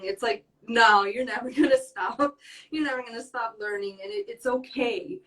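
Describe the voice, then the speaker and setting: A woman's voice: a little high, fairly quick, fairly bright tone, distant mic, low-quality recording. A young woman speaking earnestly as a podcast guest in casual talk, rambling with many fillers. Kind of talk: casual conversation.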